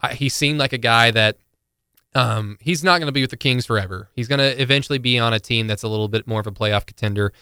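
A man's voice: mid-range voice, quick pace, pushed and bright, clear, resonant tone, no room sound, clean studio sound. A man co-hosting a podcast in casual sports chat, rambling with many fillers and restarts. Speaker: podcast co-host.

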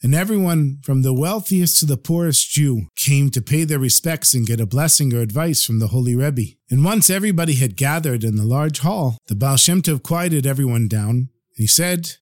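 Lively male storyteller, dry close sound. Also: mid-range voice, normal speed, few pauses, no echo. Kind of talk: oral storytelling podcast.

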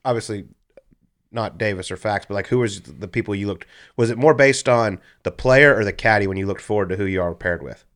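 A man's voice: on the low side, a little fast, fairly bright tone. A man co-hosting a casual studio interview, asking questions and teasing the guest. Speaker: podcast co-host.

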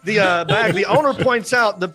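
A man hosting a morning radio show, telling a news story with animated, jokey banter. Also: high voice, moderate pace, over music. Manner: animated, jokey, acts out quotes in funny voices.

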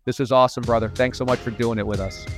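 A man's voice: mid-range voice, steady tone, quick pace, soft background music. Enthusiastic man hosting a podcast. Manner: enthusiastic, chatty sports fan. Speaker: podcast host. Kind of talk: casual podcast chat.

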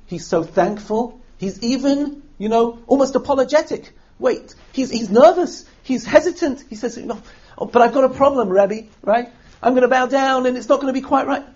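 A high-pitched man leads a text study lesson, his voice husky and a little breathy. He reads verses aloud and acts out the characters' words with lively energy. The recording sounds dull and lo-fi. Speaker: Torah teacher.

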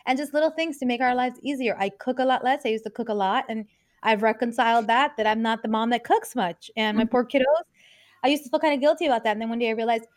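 A middle-aged mother talks fast as a podcast co-host, telling animated stories about her household. Her voice sits a little high, and she races through her thoughts. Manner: quick, animated storytelling. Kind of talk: casual chat.

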